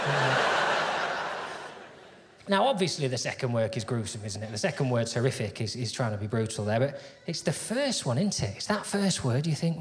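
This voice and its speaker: Man, stand-up comedian, wry and chatty, higher voice, long hall reverb. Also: animated, fairly quick. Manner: wry, conversational storytelling. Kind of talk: stand-up routine. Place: theatre stage. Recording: reverberant hall with audience noise.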